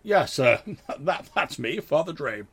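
A man's voice: fairly high pitch, lively intonation, takes it slowly, fairly bright tone, breathy edge, pitched above the performer's own voice, full character voice. A man voicing a friendly, chubby village vicar who talks in a kindly, flustered, eager way.

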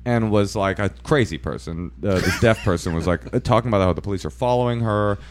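A man's voice: fairly low pitch, brisk. A man telling stories in a casual chat, acting out the people in them and swearing freely. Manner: animated storyteller, acts out voices and swears.

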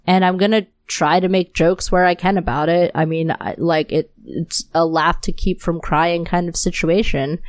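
A woman hosts a solo podcast and rants into her new mic, furious and unfiltered, with curses scattered all through her talk. Her voice sits on the low side for a woman, and the recording is dry and close. She speaks fervently and directly. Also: steady tone, normal speed, hardly any pauses, dry recording. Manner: angry, profane, impassioned. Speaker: podcast host.

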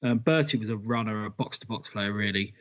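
A man co-hosting a football podcast, talking quickly in an animated way and swearing casually. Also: fairly low pitch, dull audio. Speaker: podcast co-host.

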